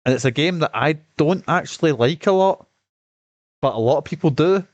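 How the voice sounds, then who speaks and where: A man commenting on a game during his stream, rambling, profane and excitable, with a cough. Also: on the high side, normal speed, no echo, lo-fi sound. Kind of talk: casual gaming stream commentary.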